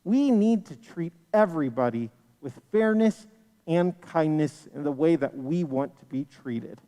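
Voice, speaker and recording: Animated storyteller reading a kids' story, mellow tone, pitch bouncing all over, big echoey hall. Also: unhurried. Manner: animated, sing-song storytelling. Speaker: storyteller at a congregation livestream. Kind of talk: children's story narration. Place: synagogue sanctuary.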